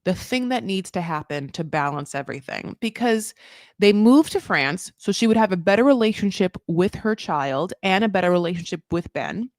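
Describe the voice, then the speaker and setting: A woman hosting a casual recap commentary, chatty and full of fillers, swearing freely and acting out quotes in high mock voices. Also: animated, moderate pace, dry recording, studio quality. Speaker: recap show host.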